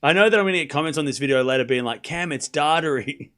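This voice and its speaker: Racing along in an animated, pushed, bright medium-pitched voice, a young guy does casual watchalong commentary on a live tennis match for his stream. He keeps things chatty and self-deprecating, fumbling the player names.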